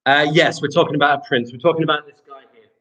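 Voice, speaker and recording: A man's voice: on the high side, steady tone, quick pace, fairly bright tone, low-quality recording. A young man teaching a live online primary lesson, reading pupils' sentences aloud and praising them.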